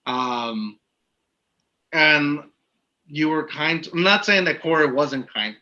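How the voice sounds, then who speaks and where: A man co-hosting a laid-back podcast, talking in loose, rambling sentences full of fillers. His voice is bright and forceful. The audio is slightly muffled and lo-fi. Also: on the high side, animated, slow. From Texas. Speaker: podcast co-host. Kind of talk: casual podcast interview.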